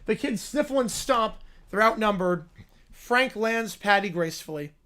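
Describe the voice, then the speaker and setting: A woman's voice: mid-range voice, expressive, normal speed, a bit bright, lightly acted. A woman narrating a short absurd story in a dramatic, epic tone.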